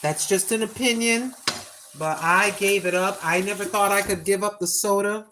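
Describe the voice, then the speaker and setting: A woman's voice: mid-range voice, a bit bright, slight background noise. Folksy chatty woman in her sixties. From United States. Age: 60s. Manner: folksy and chatty, drawn-out emphatic repeats. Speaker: cooking livestream host. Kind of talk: casual livestream chat.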